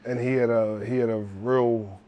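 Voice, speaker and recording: Middle-aged ex-fighter from New Zealand, animated, swears a lot, mid-pitched, casual storyteller. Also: male voice, normal speed. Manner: animated, swears often, acts out quotes. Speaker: guest, former fighter.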